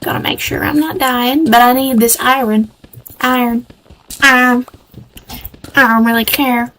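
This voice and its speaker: A woman's voice: a little high, steady tone, a little slow, fairly bright tone, rough recording. A young woman streamer chatting through live gameplay in a put-on Southern US country accent, rambling and easily sidetracked, into a desk microphone.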